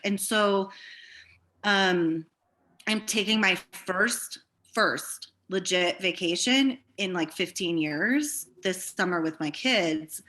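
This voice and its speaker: A woman business owner speaking as a guest in an interview, candid and reflective, often pausing with fillers. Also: medium pitch, pushed and bright. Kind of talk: conversational interview.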